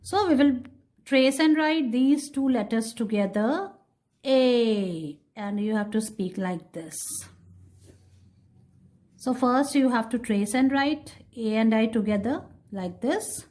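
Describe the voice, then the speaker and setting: A woman teaching phonics to kindergarten children, sounding out letters slowly and repeating each word. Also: fairly high pitch, a little mellow. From India. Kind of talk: slow, sing-song phonics lesson for young children.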